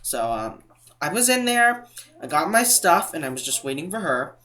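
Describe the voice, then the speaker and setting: Bright-voiced rambling storytime man. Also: fairly high pitch, very animated, normal speed. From New England. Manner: rambling, self-interrupting, mimics other people. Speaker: couponing vlogger. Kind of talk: casual storytime.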